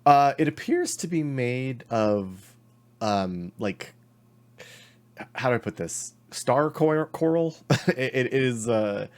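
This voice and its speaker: A man narrating a tabletop role-playing game as game master, laughing often and pausing on fillers. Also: mid-range voice, animated, clear, resonant tone.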